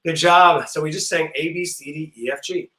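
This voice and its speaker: A man teaching a music class, playful and encouraging, leading silly vocal warm-ups and singing notes to demonstrate. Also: a little high, steady tone, normal speed, roomy sound, rough recording. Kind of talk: online music class for kids.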